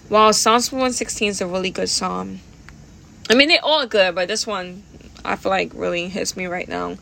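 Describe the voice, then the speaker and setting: Woman reading scripture aloud, unhurried. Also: mid-range voice, vocal fry, pushed and bright. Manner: unhurried reading with self-corrections and brief asides. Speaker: scripture reader. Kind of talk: personal Bible reading aloud.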